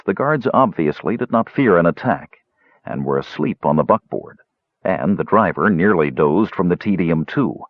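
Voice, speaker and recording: A man reads a fantasy audiobook in a steady, measured way. His voice is very deep with a husky edge. The sound is dry and a bit dull, like a lo-fi recording. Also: no room sound. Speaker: narrator. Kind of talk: audiobook narration.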